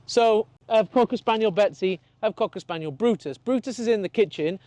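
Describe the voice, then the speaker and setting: Man, dog trainer, high voice, dry close sound, swears a lot, acts out dogs and owners. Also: brisk, dark tone, dry recording. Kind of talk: casual consultation.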